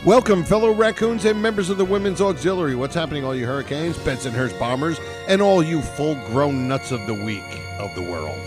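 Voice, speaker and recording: Lively male podcast co-host. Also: a little high, brisk, hardly any pauses, music in the background. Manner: lively, rambling plugs with fillers. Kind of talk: casual podcast chat.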